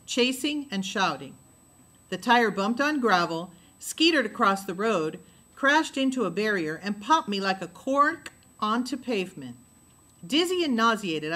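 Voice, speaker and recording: A woman reading a novel aloud, with steady storytelling and lowered dialogue tags. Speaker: narrator.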